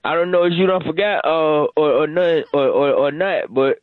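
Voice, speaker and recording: A man's voice: fairly high pitch, moderate pace, dry recording, lightly acted. A man playing a boastful, rambling caller who makes excuses and stumbles through restarts in streetwise slang, on a comedy radio bit. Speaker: phone-in caller on a morning radio show. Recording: tinny dry phone line.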